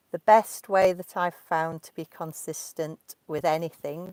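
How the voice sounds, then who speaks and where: A woman in her thirties with a Derbyshire accent, an English teacher answering questions from learners in slow, clear speech, recorded inside a parked car. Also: on the low side, no echo. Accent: Derbyshire English, clearly spoken. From Derbyshire, England.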